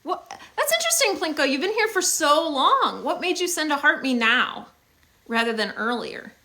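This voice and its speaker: Young female streamer, phone mic, chatty and upbeat, a bit high-pitched. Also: sing-song, normal speed, pushed and bright. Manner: chatty and upbeat, thanking viewers with many fillers. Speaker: livestream host. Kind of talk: casual livestream chat with viewers.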